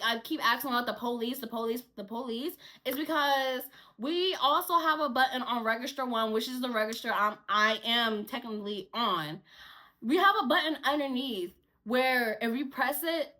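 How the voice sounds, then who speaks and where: A young woman telling a casual story about her store cashier job to the camera, animated and repetitive, swearing as she vents. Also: sits high, normal speed.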